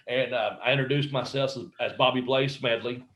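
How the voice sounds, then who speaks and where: A middle-aged man tells wrestling stories in a loose, rambling way. His voice sits at an ordinary middle pitch. He acts out quotes and swears freely. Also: steady tone, fairly quick, fairly bright tone. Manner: rambling anecdotes with acted-out quotes and profanity. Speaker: wrestler telling stories as a podcast guest. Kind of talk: casual storytelling interview.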